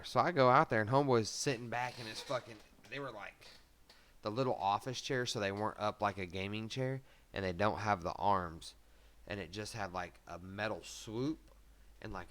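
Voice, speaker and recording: A man's voice: lowish voice, a bit bright, a little hiss or hum. Foul-mouthed man spinning a rambling story. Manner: profane, rambling, heavy swearing and fillers. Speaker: podcast host. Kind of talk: casual storytelling.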